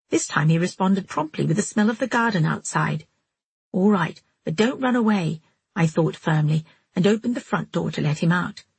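A woman reading a first-person novel aloud as an audiobook narrator, in a measured, steady manner. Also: lowish voice, creaky, slightly rough, no room sound.

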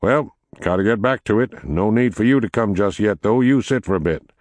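A plainspoken, hardworking farmer in middle age, brisk and matter-of-fact, as a male narrator puts him on. His low voice comes across dry and close. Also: dry recording, close to an everyday voice.

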